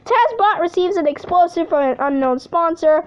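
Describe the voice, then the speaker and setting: A woman's voice: very high voice, expressive, normal speed, muffled recording, slight background noise. A woman host reading simulated game results aloud, adding playful jokes and cheers between lines. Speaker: channel host.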